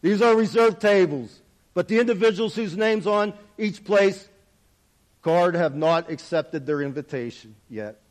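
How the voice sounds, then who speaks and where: A man voicing a gentle, loving Jesus figure in a spoken story, talking softly and low. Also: expressive, measured pace. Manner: soft, low and tender.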